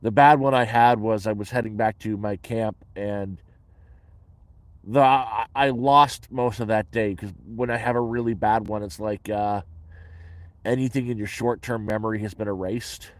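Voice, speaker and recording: The man's low voice holds fairly even intonation at a normal pace, with no room sound. He's a Canadian vlogger in his shelter, casually and profanely answering viewer questions about his life in a blunt, matter-of-fact manner.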